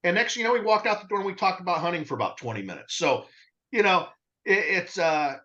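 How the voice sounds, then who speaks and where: A man's voice: sits high, fast. A man co-hosting a podcast, telling a customer story in casual talk and acting out the dialogue. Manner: animated storyteller, acts out dialogue. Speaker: rug cleaning business co-host. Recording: dull lo-fi sound.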